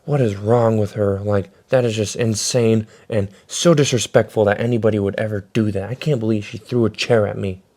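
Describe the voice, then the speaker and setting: Young guy doing a snippy scolding music teacher lady, low mellow voice, barely changed from his own. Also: steady tone, fairly quick, few pauses. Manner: scolding, indignant. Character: snippy middle-aged female music teacher.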